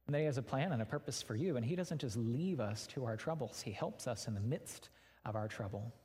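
A man's voice: mid-range voice, animated, a little fast, a little mellow. A man giving a sermon, speaking candidly and conversationally, turning often to address his listeners directly. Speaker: pastor. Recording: long reverb of a large hall.

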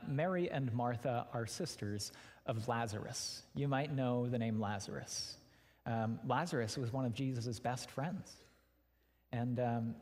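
A pastor gives a sermon in a candid, conversational style, frequently turning to speak directly to his listeners. His voice is medium-pitched with a darkish tone, and the long reverb of a large hall surrounds it.

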